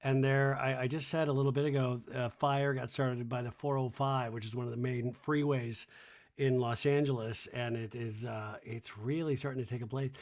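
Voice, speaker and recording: A man's voice: mid-range voice, fairly even intonation, moderate pace. A man hosting a casual recap podcast, chatty, sarcastic and profane. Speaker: podcast host recapping a reality show. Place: home in Los Angeles.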